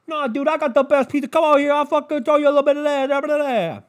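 A man's voice: very high-pitched, fast talker, pitched above the performer's own voice. A man putting on the voice of a brash, profane New Yorker bragging about pizza. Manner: shouting, swaggering, profane.

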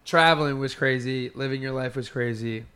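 A man's voice: medium pitch, moderate pace, clear, resonant tone. A man chatting casually, telling a story full of swearing and acted-out quotes. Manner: profane, animated storyteller who acts out quotes.

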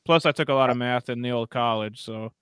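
Michigan guy, podcast co-host: crude, rambling storyteller, sharp bright voice, close dry mic. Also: medium pitch, fairly quick, clean tone, no room sound. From Metro Detroit, Michigan. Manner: profane, rambling comic storyteller who acts out dialogue. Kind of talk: casual podcast chat.

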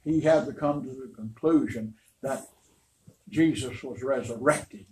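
An older man, a pastor, preaches a sermon built around storytelling, his voice medium in pitch and his pace measured. His delivery is folksy, rambling, and emphatic. The recording sounds roomy and distant, with faint noise.

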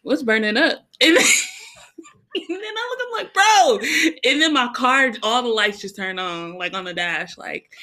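A young woman spins a casual, animated story, laughing often as she acts out what she said and felt. Her voice sits a little high and sounds bright and forceful, and she leans on "like" and "bro" constantly. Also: a little slow. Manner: animated, laughs often while acting out her own reactions; heavy use of "like" and "bro".

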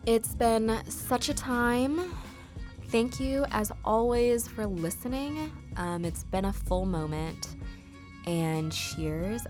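Chatty young woman hosting a podcast. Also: lowish voice. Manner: chatty and warm, many ums, laughs while telling stories. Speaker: podcast host. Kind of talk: casual solo podcast monologue.

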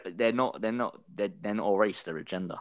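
Deadpan young guest, low voice. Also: male voice, a little fast, no room sound. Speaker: podcast guest. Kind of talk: casual chat.

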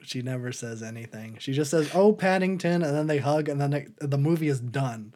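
A man's voice: medium pitch, fairly quick, warm tone. Laughing, rambling male podcast host. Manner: rambling, laughing, breaks into put-on voices for quotes. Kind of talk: casual podcast chat, recapping a movie.

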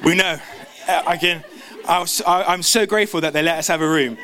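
A man preaching a sermon, talking fast with frequent restarts and stumbles. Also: a little high, pushed and bright. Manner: fast, stumbling, self-interrupting.

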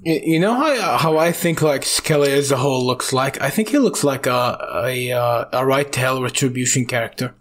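A man's voice: medium pitch, moderate pace, hardly any pauses, a bit bright. A man co-hosting a podcast, joking and poking fun at himself in casual chat. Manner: joking, self-mocking. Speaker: podcast co-host.

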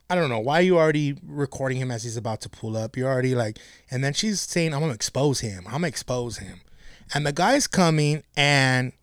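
A man's voice: medium pitch, clean tone, no echo, clean studio sound. A man hosting a casual, profane podcast chat, retelling a story and acting out the quoted people. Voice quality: animated, acts out quoted voices. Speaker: podcast host.

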